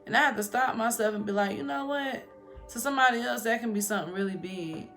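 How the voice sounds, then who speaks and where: A woman's voice: fairly high pitch, quick pace, a bit bright, soft background music. A woman giving a casual motivational talk to her viewers, chatty and storytelling, calling them "y'all". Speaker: spiritual vlogger. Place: home in Colorado.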